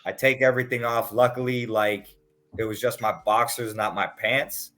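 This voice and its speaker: A man's voice: mid-range voice, normal speed. A man, a podcast guest, telling casual stories with lots of swearing and acted-out quotes. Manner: animated, profane, acts out quotes. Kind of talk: casual storytelling.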